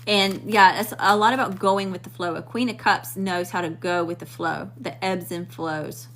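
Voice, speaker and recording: A woman's voice: lowish voice, fairly even intonation, normal speed, a bit bright. A woman giving a live-stream tarot reading, chatting casually and greeting viewers in the chat as she draws cards. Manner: talks to spirit while drawing cards. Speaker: tarot card reader.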